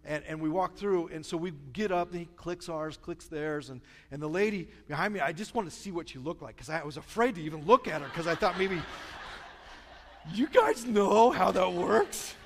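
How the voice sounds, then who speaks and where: A man's voice: sits high, lively intonation, moderate pace, slight background noise. A middle-aged man preaching a sermon, telling stories in a chatty, self-mocking way. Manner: storytelling, chatty, self-deprecating humor. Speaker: pastor. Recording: long reverb of a large church hall.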